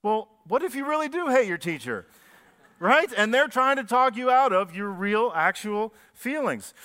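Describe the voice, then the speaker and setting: A man's voice: very high voice, very animated, normal speed, sharp tone, clear, resonant tone. A man preaching a sermon as pastor, talking conversationally and asking the congregation questions. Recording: long reverb of a church hall.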